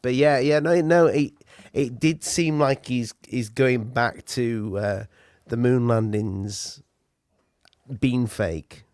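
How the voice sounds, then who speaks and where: A man with a mid-pitched voice co-hosts a podcast, recorded close and dry. He hesitates a lot and fills the gaps with fillers. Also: fairly even intonation, slow, a little mellow, no room sound. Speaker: podcast co-host. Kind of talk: casual chat.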